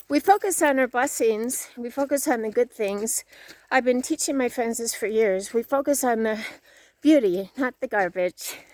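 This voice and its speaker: A woman's voice: fairly high pitch, no room sound. A woman giving an earnest, repetitive motivational talk outdoors while walking with ankle weights, slightly out of breath. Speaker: fitness vlogger.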